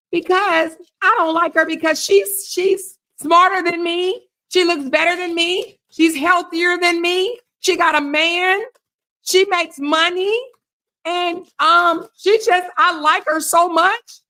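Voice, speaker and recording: A woman's voice: extremely high pitch, fairly even intonation, sharp tone, voice pushed up, exaggerated voice. A woman mimicking a rival woman who whines a self-pitying confession. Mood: mocking. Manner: whiny mock confession, drawn-out words.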